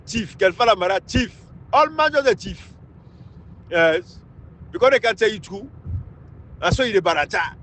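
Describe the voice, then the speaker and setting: A man from Sierra Leone with a Krio accent, delivering a fiery, scolding political rant that swings between loud outbursts and low mutters. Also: a little hiss or hum, poor audio. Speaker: political commentator.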